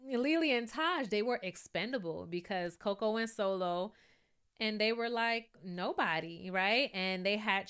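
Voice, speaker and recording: A YouTube reviewer with a clean, mid-range voice delivers a casual recap and commentary. She's chatty and animated, laughing often and acting out quotes from the show.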